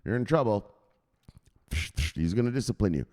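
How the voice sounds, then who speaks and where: A man hosting a crypto news livestream, chatting with viewers in a loud, profane, excitable way. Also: lowish voice, moderate pace. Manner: profane, excitable, shouting "bang!" often.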